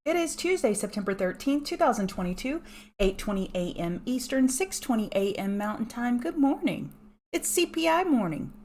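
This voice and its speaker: A woman's voice: a little high, big pitch swings, moderate pace, a little mellow. Chatty woman hosting a livestream. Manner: chatty, greets viewers by name. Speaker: livestream market analyst host. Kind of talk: casual livestream chat.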